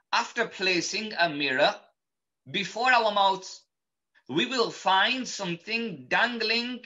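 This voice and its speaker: Male teacher, high bright voice, slow deliberate delivery, slightly muffled audio. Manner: patient, repeats each point and letter. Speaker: Quran recitation teacher. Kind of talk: slow methodical lesson.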